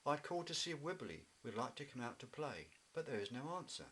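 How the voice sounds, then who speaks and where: A man's voice: medium pitch, very animated, fast, fairly bright tone, husky, pitched above the performer's own voice. A man voicing an eager, bossy young boy bear in a children's storybook reading. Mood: friendly.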